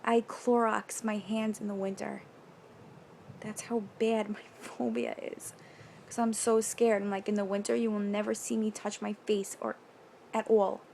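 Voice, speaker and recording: A young woman from New York talking candidly in a casual vlog, rambling with quick nervous asides and casual swearing. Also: medium pitch, level tone, vocal fry, a little mellow. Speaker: vlogger. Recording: faint background noise.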